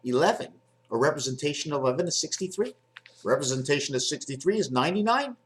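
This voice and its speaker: A man's voice: fairly high pitch, lively intonation, quick pace. A man talking in a casual, digressive monologue, hopping between numbers and ideas while handling objects on camera. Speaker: video blogger.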